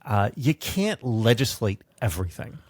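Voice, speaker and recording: A man's voice: mid-range voice, sing-song, no echo. Wry argumentative man podcast co-host. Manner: wry, argumentative, deliberate when explaining. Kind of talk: casual political chat.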